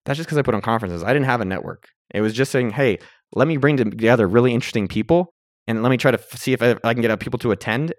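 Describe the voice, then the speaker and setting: A man's voice: mid-range voice, dry recording, studio quality. A man hosting his own podcast, talking in an upbeat, playful, salesy way. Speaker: podcast host. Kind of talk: energetic solo podcast talk.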